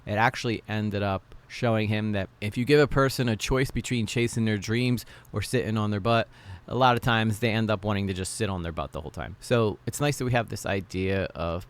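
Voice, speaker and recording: A man's voice: fairly low pitch, fairly quick. A man hosting a reaction video, commenting casually with sarcastic jokes and asides.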